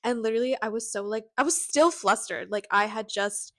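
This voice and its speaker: A woman's voice: on the high side, a little fast, no echo. Chatty young woman, dry close sound. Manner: anxious, animated storytelling with many fillers. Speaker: podcast co-host. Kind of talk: casual chat.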